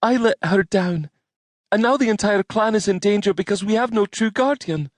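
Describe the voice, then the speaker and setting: A man voicing an anxious young Highland woman. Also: normal speed, no room sound, close to an everyday voice. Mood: anguished. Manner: strained, urgent pleading. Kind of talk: audiobook character voice.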